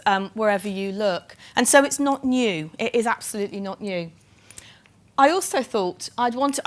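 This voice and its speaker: Middle-aged bristol woman doing a keynote talk, chatty, lots of ums, pokes fun at herself. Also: a little high. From England (Bristol). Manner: chatty and self-deprecating, with many um fillers. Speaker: chief nursing officer giving a keynote. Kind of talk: conference keynote speech.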